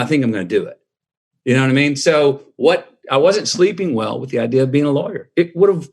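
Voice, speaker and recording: Husky man telling a story. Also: medium pitch. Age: middle-aged. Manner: drawling, reflective storyteller acting out quoted voices. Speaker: guest. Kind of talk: storytelling in a podcast interview.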